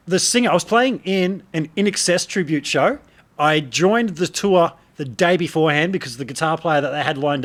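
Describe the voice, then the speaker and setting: A man with an Australian accent hosts a relaxed podcast conversation. His voice sits a little high. He spins loose, anecdotal stories and chuckles along the way. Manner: rambling anecdotal storyteller, chuckles often. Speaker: podcast host. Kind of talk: casual chat.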